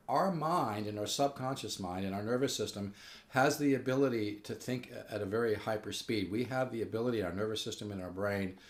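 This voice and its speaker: A man giving a casual spoken guitar lesson, rambling with fillers and restarts and growing enthusiastic. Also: fairly low pitch. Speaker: guitar teacher. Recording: echoey room with guitar playing.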